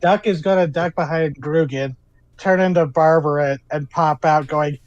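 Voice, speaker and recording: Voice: medium pitch, steady tone, moderate pace, no echo, lo-fi sound. A player in a tabletop game, playful and joking. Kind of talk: casual tabletop play.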